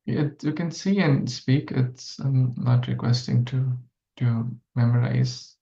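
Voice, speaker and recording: A man leading a scripture class, explaining a verse slowly and asking listeners questions. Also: mid-range voice, creaky, dark tone. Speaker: Bhagavatam class speaker. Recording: echoey room, dull lo-fi sound.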